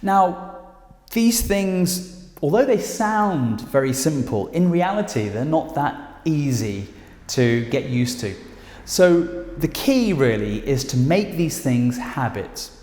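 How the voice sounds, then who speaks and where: A man with a British accent teaching presentation skills straight to camera, speaking emphatically with lively intonation. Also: a little high, takes it slowly. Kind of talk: direct-to-camera instructional talk. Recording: echoey room with long reverb.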